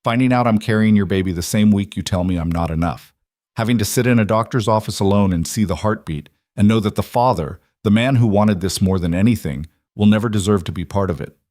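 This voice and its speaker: A man's voice: on the low side, a little fast, a little mellow, no room sound, clean studio sound, lightly acted. A man voicing a defiant pregnant young wife, cutting and bitter, in an audiobook reading.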